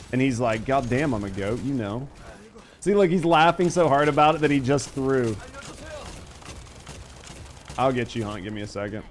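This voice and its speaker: A man's voice: medium pitch, a little hiss or hum. A man in his thirties streaming a game, joking and swearing as he chats with viewers. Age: 30s. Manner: profane, joking, reads chat aloud while playing. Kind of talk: casual gaming stream chat.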